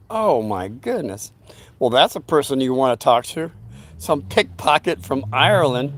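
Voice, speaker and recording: A man's voice: fairly high pitch, sing-song, normal speed, no room sound. A man hosting his own channel, telling a story in a meandering, folksy way, often breaking off into asides. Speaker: channel host telling stories. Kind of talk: rambling casual storytelling.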